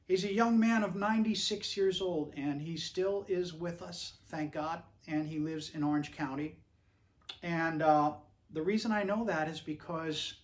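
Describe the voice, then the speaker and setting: A middle-aged man from Pennsylvania hosting a concert show, telling a rambling story with lots of fillers. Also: on the high side. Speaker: host and trumpet player. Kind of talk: casual spoken introduction at a livestreamed concert.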